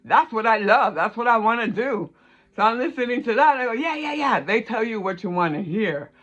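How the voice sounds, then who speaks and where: A woman's voice: a little high, animated, fairly quick, a bit bright, dull audio. A woman in a casual, rambling monologue who swears freely and laughs mid-sentence. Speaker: vlogger on astrology and tarot.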